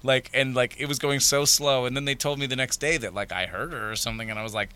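Male podcast guest, lively anecdote teller, bright crisp voice. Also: medium pitch, quick pace, few pauses, dry recording. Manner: animated storyteller, acts out quotes. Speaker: podcast guest, adult film performer. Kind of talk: casual chat.

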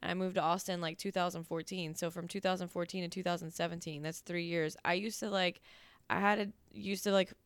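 A woman from Texas in her thirties chats openly as a guest, laughing easily and filling her sentences with "like". Her voice sits a little low and sounds smooth and clean. The recording is dry and close. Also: steady tone, fairly quick, no echo. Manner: candid, laughing, heavy use of "like". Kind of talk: casual chat.

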